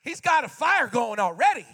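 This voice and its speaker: A young man in his twenties, with a very high, sing-song voice at normal speed, preaches a sermon with fervor. He repeats refrains and often shouts out lines.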